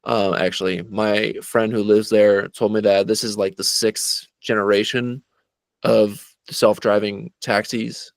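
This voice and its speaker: A man in casual podcast chat, talking in a relaxed, halting way with many filler words. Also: lowish voice, creaky, dry recording. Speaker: podcast co-host.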